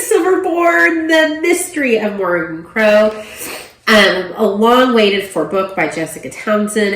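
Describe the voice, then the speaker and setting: A woman giving a casual book review, chatty and full of ums and you-knows. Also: mid-range voice. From Oklahoma, USA. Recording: roomy echo.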